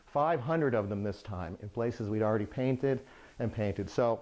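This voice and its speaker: A middle-aged man, a remodeling contractor, telling a humorous anecdote from his work to the camera in a lively way. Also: fairly low pitch, measured pace. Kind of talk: storytelling to camera.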